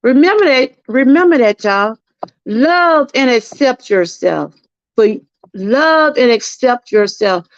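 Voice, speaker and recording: High-voiced Southern woman giving testimony. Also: lively intonation, slow pace, no echo. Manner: earnest, preachy, repeats herself, talks to chat. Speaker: channel host. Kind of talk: live-stream testimony talk. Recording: dry, slightly muffled lo-fi sound.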